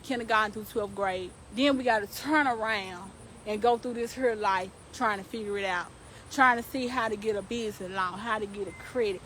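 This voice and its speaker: Young woman streamer, slightly high voice, fervent preachy delivery that repeats lines for emphasis, faint background noise. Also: sharp tone, poor audio. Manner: emphatic, repetitive, preaching to viewers. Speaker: live-stream host. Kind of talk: preachy motivational live-stream talk.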